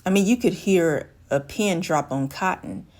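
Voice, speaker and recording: A woman's voice: on the low side, measured pace, darkish tone. Woman life coach acting out a scenario. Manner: acts out dialogue, shifting voice for quoted women. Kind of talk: direct-to-camera advice talk.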